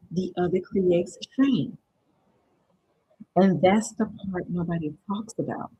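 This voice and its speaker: Her voice is fairly low, mellow and a bit breathy as she hosts a motivational live-stream workshop. Speaking conversationally, she keeps turning to the chat with "right?" to check they understand. The recording is dry and muffled.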